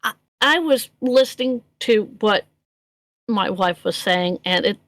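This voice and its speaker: A woman voicing a worried male nurse in a tabletop game, speaking hesitantly with halting restarts. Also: medium pitch, lively intonation, fairly bright tone, no echo, poor audio.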